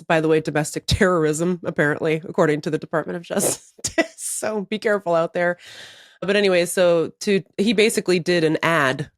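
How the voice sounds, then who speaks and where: A woman's voice: fairly low pitch, dry recording. Woman co-host, casual podcast chat, laughs a lot, rambles, dry close studio sound. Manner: animated, laughing often, rambling asides.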